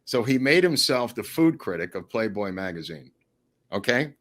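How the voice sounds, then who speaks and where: Low-pitched guy on a podcast, rambling storyteller, keeps going off on tangents. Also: moderate pace. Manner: animated, rambling anecdotes addressed to the host. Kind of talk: casual storytelling.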